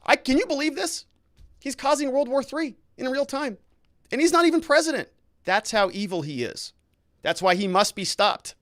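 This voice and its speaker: A man's voice: fairly high pitch, big pitch swings, fast, hardly any pauses, a bit bright. A man putting on the voice of an outraged partisan man, sarcastic and full of exaggerated alarm. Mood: mock outrage. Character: shrill, outraged male partisan, mock-hysterical.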